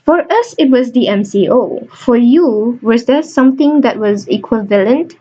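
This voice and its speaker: A woman's voice: fairly high pitch, animated, moderate pace, dark tone. A young woman hosting a casual interview, chatty and joking. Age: young adult. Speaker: host. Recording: dull lo-fi recording.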